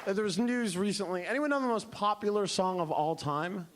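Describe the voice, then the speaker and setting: Male stand-up comic, high and very expressive, working a noisy club on a handheld mic. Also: brisk. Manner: animated, exaggerated storytelling. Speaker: stand-up comedian. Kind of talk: stand-up comedy set. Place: comedy club stage. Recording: noisy comedy club recording.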